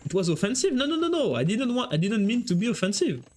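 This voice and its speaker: A man giving live esports commentary, excitable and joking as he jumps between calling the play and chatting with viewers. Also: high voice, quick pace, a little hiss or hum. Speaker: esports caster.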